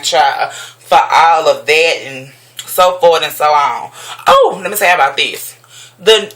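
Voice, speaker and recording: Woman vlogger, bright voice, profane casual rant, sassy, pitch leaps on exclamations. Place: at home.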